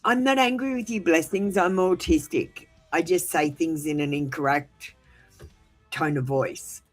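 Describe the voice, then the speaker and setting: A woman with a somewhat low voice hosts a live tarot stream in a casual, straight-talking way. She is firm about the chat queue but quick to reassure viewers. Soft music plays faintly behind her. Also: poor audio. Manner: blunt and direct, managing the chat queue; reassuring when viewers feel ignored.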